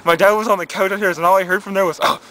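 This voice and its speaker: A man's voice: high-pitched, fairly even intonation, rapid-fire, sharp tone, a little hiss or hum. Young guy telling a rambling story. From Canada. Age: young adult. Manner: rambling, with fillers and stifled laughs. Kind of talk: casual comedic storytelling.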